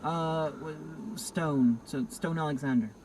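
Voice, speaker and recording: A man's voice: fairly high pitch, slow pace, a little mellow, slight background noise, poor audio. A man hosting a casual film review chat, riffing in a rambling, sardonic way. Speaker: host film critic.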